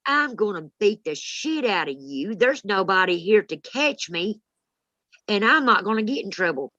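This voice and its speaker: A woman's voice: mid-range voice, very animated, moderate pace, sharp tone, no room sound, highs cut off. A woman voicing a cruel woman teacher who threatens a child coarsely. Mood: menacing. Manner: menacing, coarse.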